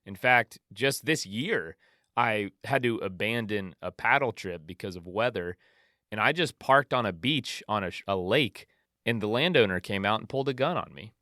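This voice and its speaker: American host guy, lowish voice but really bright and punchy, curious questions. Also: lively intonation, moderate pace, no echo, clean studio sound. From United States. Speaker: podcast host. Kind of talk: casual podcast interview.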